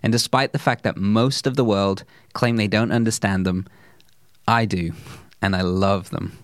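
A man narrating a scripted segment in an earnest, measured way. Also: lowish voice, fairly even intonation, no room sound, studio quality.

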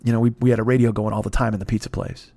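A man's voice: on the low side, steady tone, racing, warm tone, no echo. A man, hosting a podcast and telling a rambling, profane, self-mocking story full of restarts. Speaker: podcast host. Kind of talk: casual storytelling monologue.

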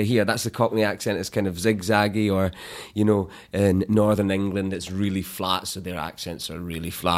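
Scottish actor guest, low deep voice, halting and reflective, relaxed interview chat. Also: male voice. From Scotland. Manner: thoughtful, halting, lots of "you know" and restarts.

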